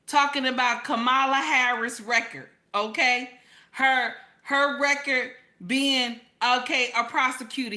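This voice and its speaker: Animated woman hosting a livestream. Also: high-pitched. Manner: animated, laughing, talks back to chat. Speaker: livestream reaction host. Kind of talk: casual livestream commentary.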